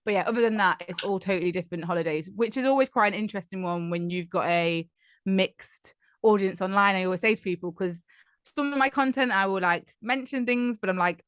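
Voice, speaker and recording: A woman's voice: mid-range voice, fairly quick, smooth, dry recording, clean studio sound. Chatty English woman from Nottingham. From England. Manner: chatty, laughs often, many "like" fillers. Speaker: guest business coach. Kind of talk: casual interview over video call.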